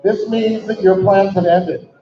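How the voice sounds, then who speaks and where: A man's voice: high voice, steady tone, unhurried, dark tone. A man acting as master of ceremonies, setting the scene for the guests with dry, self-deprecating humor. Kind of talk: event speech with storytelling. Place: indoor event hall. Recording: echoey, dull hall recording.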